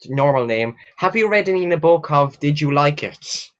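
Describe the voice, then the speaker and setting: Excitable young man on dull lo-fi audio. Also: a little high, moderate pace, few pauses. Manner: chatty and excitable, swears freely, bursts into loud squeals of delight. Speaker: book vlogger hosting a live Q&A. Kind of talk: casual livestream chat, reading out viewer questions. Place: at home, sitting in a chair.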